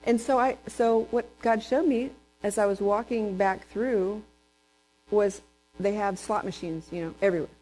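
A woman from Texas, preaching a sermon in a lively storytelling way and asking the congregation questions. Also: mid-range voice, normal speed, slight background noise, rough recording. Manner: lively storyteller who acts out quotes and asks the congregation questions.

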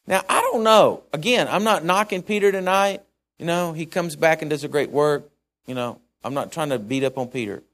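A man's voice: fairly high pitch, normal speed, a bit bright. A man preaching a sermon in a conversational way, musing aloud and often correcting himself.

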